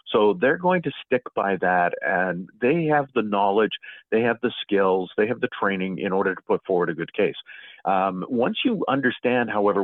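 A man's voice: on the low side, no echo. Middle-aged man explaining over a phone line. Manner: explanatory, measured, with frequent fillers. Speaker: guest author on property assessment appeals. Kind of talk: radio talk show interview.

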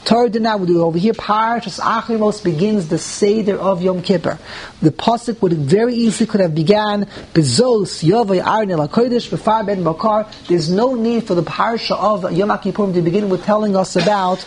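Speaking briskly in a slightly mellow voice, a man leads a live Torah class, captured on a rough recording. He asks rhetorical questions, restarts phrases as he works through his thoughts, and goes higher in pitch when stressing a point.

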